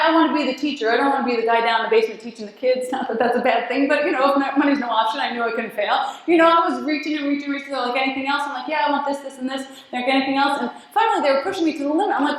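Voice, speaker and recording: A woman telling a personal story in a talk, acting out the dialogue and laughing often. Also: high voice. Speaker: speaker at a spiritual community gathering. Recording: very echoey hall.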